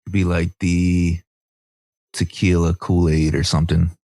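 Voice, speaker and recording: A man's voice: low-pitched, level tone, moderate pace, darkish tone, dry recording. A man hosting a podcast interview, easygoing and a little hesitant as he wraps up. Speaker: podcast host. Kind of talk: casual interview chat.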